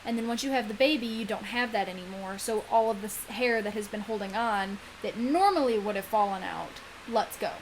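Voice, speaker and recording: A woman's voice: mid-range voice, fairly quick, few pauses, a little hiss or hum, low-quality recording. A young woman chatting casually in a vlog, full of ums and likes. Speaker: vlogger. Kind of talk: casual pregnancy vlog chat.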